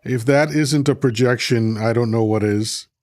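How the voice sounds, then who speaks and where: Darkish in tone and mid-range, this man talks at normal speed, recorded cleanly in a studio with no echo. His livestream is a heated political rant where he reads chat comments aloud, argues with them mockingly, and repeats himself a lot.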